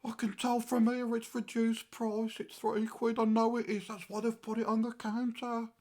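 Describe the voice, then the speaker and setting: Bloke doing a grumpy old english grandad, rambling, voice bouncing all over the place. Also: male voice, high-pitched, sing-song, a little slow, exaggerated voice. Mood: aggrieved. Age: older. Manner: rambling and aggrieved, swinging between mutters and outbursts. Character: grumbling old English grandad, easily riled. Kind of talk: comic character monologue.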